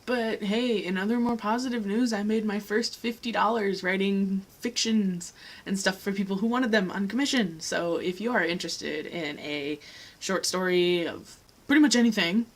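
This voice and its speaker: Speaking at normal speed with a medium-pitched voice, this young vlogger addresses the camera earnestly and bluntly. She swears now and then and heats up when pressing a point. The audio is poor.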